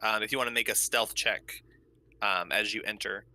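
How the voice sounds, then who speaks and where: Bright-voiced man running the game. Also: fairly low pitch, steady tone, moderate pace. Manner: patient, laying out options for players. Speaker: game master. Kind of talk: narrating a tabletop game.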